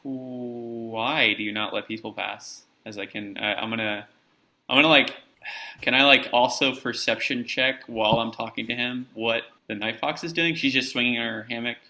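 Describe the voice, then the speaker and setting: A man's voice: mid-range voice, moderate pace, pushed and bright, low-quality recording. A man playing a tabletop game casually, asking the game master many questions. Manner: curious, asks many questions. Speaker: player.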